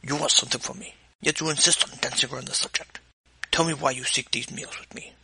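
A man putting on a gruff accented crime boss. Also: mid-range voice, fairly even intonation, pushed and bright, a little hiss or hum, poor audio. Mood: suspicious. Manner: slow, strained, annoyed.

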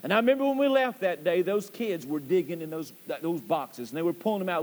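A male pastor, preaching a storytelling sermon in a church and swinging between hushed and loud passages. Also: a little high, big pitch swings, fairly quick, few pauses. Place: church sanctuary. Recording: church hall with long reverb.

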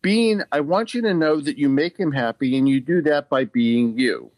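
A man reading as a kind old Santa in a storybook tale, soft and reassuring, taking his words slowly and deliberately, his voice sitting a touch high, close and dry. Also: dry recording, close to an everyday voice. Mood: tender. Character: kindly old Santa, warm and fatherly.

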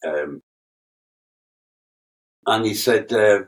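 Pausing often and speaking unhurriedly in a fairly low voice, a guest keyboardist from Scotland, an older man, is heard from a distance from the mic. His anecdotes ramble along, lively and full of laughter and free-flowing profanity.

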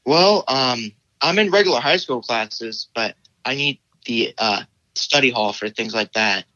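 A man's voice: mid-range voice, a little slow, bright, forceful tone, dry recording, highs cut off. A teenage boy answering interview questions casually, hesitant and full of fillers. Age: teens. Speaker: guest.

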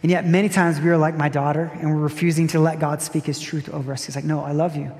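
A man preaching a sermon as a pastor, earnest and reflective, repeating key phrases with gentle emphasis. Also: fairly high pitch, level tone, fast. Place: church sanctuary. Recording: long hall reverb with soft music behind.

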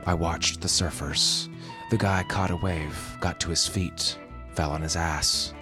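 A man calmly narrating a first-person story. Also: low-pitched, measured pace, over loud music.

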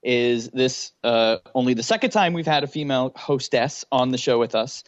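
A man's voice: medium pitch, moderate pace, no echo, dull audio. A man co-hosting a podcast in casual chat, teasing and sarcastic. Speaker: podcast co-host.

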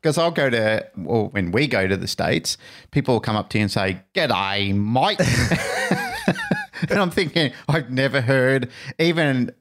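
Lively Australian man co-hosting a podcast. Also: mid-range voice. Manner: chatty, agreeable, quick to chime in. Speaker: podcast co-host. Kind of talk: casual chat. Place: studio.

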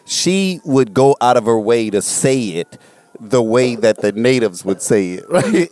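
Guy telling a story all animated, voice jumping all over, lots of cussing, dry mic. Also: medium pitch, moderate pace, no echo. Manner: animated, profane, acts out voices while telling stories. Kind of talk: casual storytelling chat.

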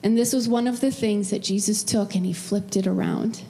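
A woman's voice: medium pitch, steady tone, normal speed, warm tone. A middle-aged woman pastor giving an emotional, personal sermon in a church. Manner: emotional, tearful at times, personal storytelling. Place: church sanctuary. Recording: long hall reverb.

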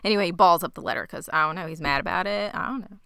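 Woman, podcast co-host, casual recap, animated storytelling, bright, smooth, dry sound. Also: fairly low pitch, racing, no echo. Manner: animated storytelling, acting out quoted characters with frequent laughs.

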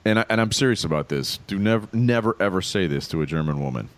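Man, low voice, very lively pitch, wry podcast co-host, casual joking chat. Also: quick pace, no echo. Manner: wry, animated storytelling.

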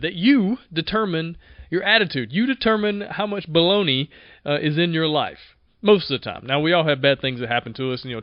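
A man hosting a podcast, talking in an energetic, conversational way and often repeating himself as he goes. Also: a little high, dry recording, dull audio. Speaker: podcast host. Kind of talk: casual motivational monologue.

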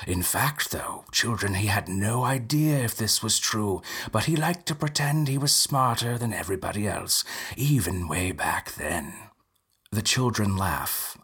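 A man narrating a spooky story in a soft, half-whispered manner. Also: fairly low pitch, breathy edge.

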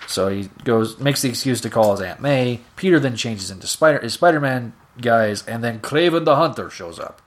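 A man's voice: mid-range voice, lively intonation, moderate pace, few pauses. A man hosting a podcast alone, casually recapping comic stories with many fillers. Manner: casual, filler-heavy retelling. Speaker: podcast host. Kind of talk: solo recap reading comics aloud.

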